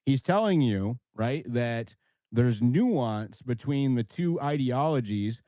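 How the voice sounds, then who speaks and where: Male host, mellow tone, dry close sound, probing moderator of a live group chat. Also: mid-range voice, animated, takes it slowly, no echo. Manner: probing, asks follow-up questions, insists on distinctions. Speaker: host of a live audio discussion. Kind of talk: moderating casual group discussion. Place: live audio chat room.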